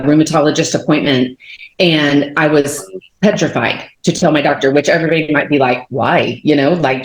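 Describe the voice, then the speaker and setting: Guest, woman in her 40s from Texas, low voice, lively storyteller, recorded in a reverberant room. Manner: animated storyteller, many fillers, acts out quotes. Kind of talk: telling a personal faith testimony. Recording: roomy echo.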